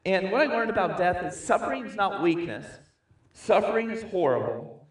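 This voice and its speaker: A man preaching a sermon, emphatic and swinging from quiet reflection to loud declarations, recorded at a distance in a church hall. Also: sits high, animated, moderate pace. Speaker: pastor. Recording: echoey room, distant mic.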